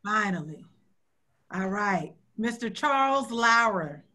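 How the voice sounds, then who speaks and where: A woman's voice: mid-range voice, animated, takes it slowly, pushed and bright. A woman radio host, hosting a video call in a heartfelt, earnest way. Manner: heartfelt, earnest, near tears at times.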